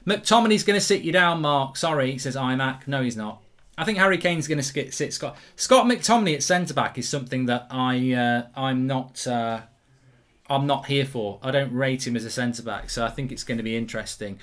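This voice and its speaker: A man hosting a live football watchalong stream, who talks in an excitable, rambling way and reads out viewers' chat comments. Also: mid-range voice, moderate pace.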